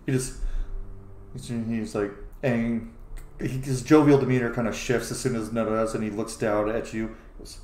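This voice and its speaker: Man, game master, casual narration, mid pitch, echoey room. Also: little pitch movement, moderate pace, darkish tone. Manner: casual, loose, with fillers and laughs. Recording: roomy echo.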